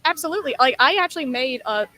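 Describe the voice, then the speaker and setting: A woman's voice: high voice, expressive, fast, pushed and bright, low-quality recording. A woman chatting as a guest, in a chatty, self-deprecating way. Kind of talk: casual chat.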